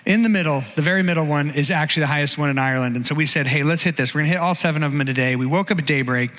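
Guy preaching, chatty story mode, kinda high voice, long hall echo. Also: rapid-fire. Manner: conversational, animated storytelling with frequent restarts. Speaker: pastor giving a message. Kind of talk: sermon storytelling.

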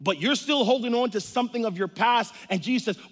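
Male pastor, high voice, preaching in a big hall with long reverb; loud and quiet passages alternate. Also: a little fast, hardly any pauses. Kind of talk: sermon.

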